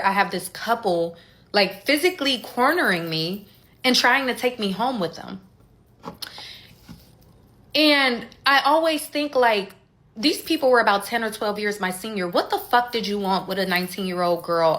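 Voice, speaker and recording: Young woman, storytime vlogger, bright, lively candid delivery. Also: medium pitch. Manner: candid, conversational, animated retelling with quoted dialogue. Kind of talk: casual storytime.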